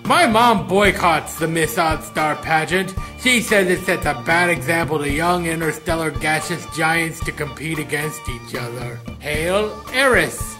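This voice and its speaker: A man co-hosting a comedy show, reading out listener shout-outs with teasing jokes. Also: on the high side, moderate pace, hardly any pauses, over music. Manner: wisecracking, teasing. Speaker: co-host.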